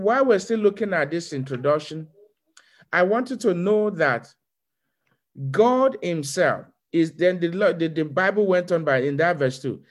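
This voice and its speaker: Man, pastor, sermon, repetitive declarations, slightly high-pitched. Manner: declarative preaching, repeating commands. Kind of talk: sermon with prayer and tongues.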